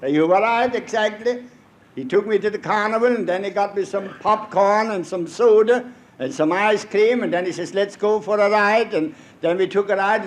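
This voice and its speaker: A man's voice: high voice, close to an everyday voice. A man with a Pennsylvania Dutch accent voicing a cheeky young daughter who breezily recounts her date in a run-on rush.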